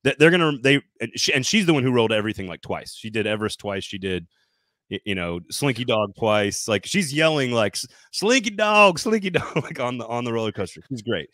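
A man's voice: fairly low pitch, quick pace, dry recording, clean studio sound. A middle-aged man from Tennessee with a light Southern US accent, hosting a sports podcast in casual, jokey chat and swearing now and then. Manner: animated, swearing, jokey storytelling.

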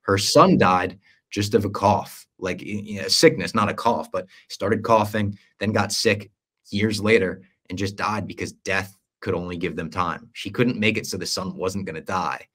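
Young man, podcast co-host, low-ish voice, animated storytelling, casual chat. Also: normal speed, husky. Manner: animated storyteller, acts out quoted lines.

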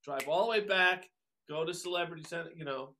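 A man, a drummer telling stories as a guest, animated and acting out the voices of people he quotes. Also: fairly high pitch, a little fast, a little hiss or hum. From Long Island, New York. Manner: animated, acts out quoted voices, many fillers. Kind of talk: casual storytelling interview.

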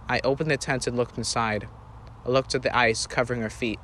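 A man's voice: mid-range voice, steady tone, a little fast, a bit bright, a little hiss or hum. A man reading a first-person story aloud, earnest and plain, sometimes correcting himself.

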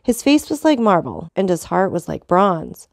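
A woman narrating a classic novel as an audiobook in a steady, expressive storytelling manner. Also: lowish voice, normal speed, gravelly, no room sound, clean studio sound. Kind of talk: scripted narration.

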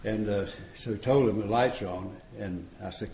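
A man's voice: fairly low pitch, animated, a little fast, warm tone. A man speaking at a recovery retreat, telling stories in a folksy, joking way and chuckling often. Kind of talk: storytelling recovery talk. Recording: echoey room.

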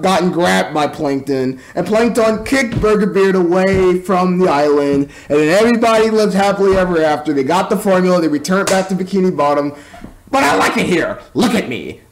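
A man casually recapping and reviewing a movie, rambling with stumbling restarts and mocking asides. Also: high-pitched. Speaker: film reviewer.

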